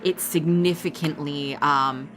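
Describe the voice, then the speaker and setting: A woman narrating as game master, describing scenes in a measured way with frequent fillers. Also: sits low, fairly even intonation, a bit bright.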